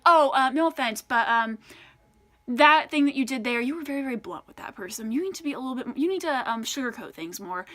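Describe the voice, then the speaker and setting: A woman's voice: high-pitched, bright, forceful tone. A young woman from the United States ranting in an unedited vlog, exasperated and swearing a lot, with many "like"s. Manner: profane, exasperated ranting with frequent "like". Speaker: vlogger.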